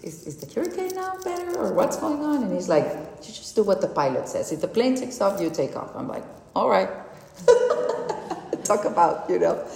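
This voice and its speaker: A woman from Mexico giving a spiritual talk, telling a lively story and acting out the dialogue. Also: on the low side. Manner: animated storytelling, acts out dialogue, laughs often. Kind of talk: testimony and faith talk. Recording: echoey hall with long reverb.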